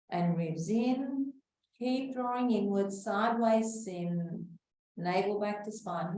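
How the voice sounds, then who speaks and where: Female instructor, calm and steady cueing, dark mellow tone, recorded far off mic in a roomy space. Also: mid-range voice, slight background noise. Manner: calm, slow cueing of breaths with soft whispered moments. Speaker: exercise class instructor. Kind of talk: guided breathing and back-care class. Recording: echoey room, voice from far off the mic.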